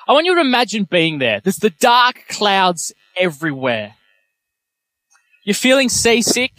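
A young man preaching a sermon, telling self-deprecating personal stories in a lively way. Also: high voice, measured pace, no room sound.

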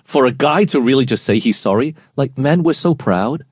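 Guy co-hosting a bible chat, bouncy pitch, kinda husky, asks lots of questions. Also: moderate pace, no echo, studio quality. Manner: animated, explains with questions to co-host. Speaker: co-host of a Bible talk show. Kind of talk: casual Bible study chat.

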